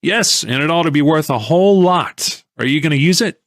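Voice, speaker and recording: A man's voice: a little high, animated, a little fast, no echo, clean studio sound, voice pushed up. A man voicing an eager, pushy stock tipster. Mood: insistent. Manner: insistent, eager, pressing.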